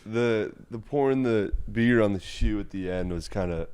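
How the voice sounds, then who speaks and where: A man's voice: on the low side, moderate pace, darkish tone, clean tone. A man co-hosting a podcast, chiming in with short, dry teasing remarks. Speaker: podcast co-host. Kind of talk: casual chat.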